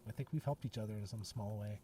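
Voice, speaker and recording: Male podcast host, low warm voice, earnest and reflective, mic a bit far off. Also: fast talker. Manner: reflective, earnest, many restarts. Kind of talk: casual conversation. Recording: distant mic with faint noise.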